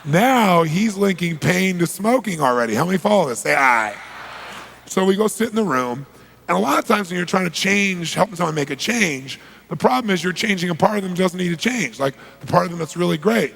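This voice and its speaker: Man speaker at a live seminar: gravelly, raised voice, animated storyteller. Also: high-pitched, a little fast, a little hiss or hum. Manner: animated storytelling, addresses the audience directly.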